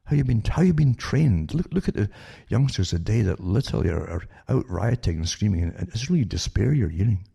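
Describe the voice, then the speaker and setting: A man's voice: on the low side, very animated, a little fast, creaky, few pauses, dark tone, slightly rough. An older man hosting a talk radio show, rambling with many restarts and sarcastic asides that end in "eh?".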